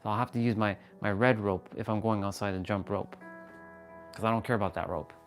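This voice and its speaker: A man with a low-pitched voice chats casually on a fitness livestream. His self-help talk is frank and full of swearing and restarts. Faint music plays in the background. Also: fairly even intonation, a little fast.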